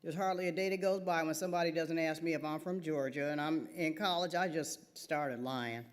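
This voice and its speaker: A woman's voice: sits low, a little fast. Woman author, reading aloud, wry, conversational, live theater event. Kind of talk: reading her novel aloud.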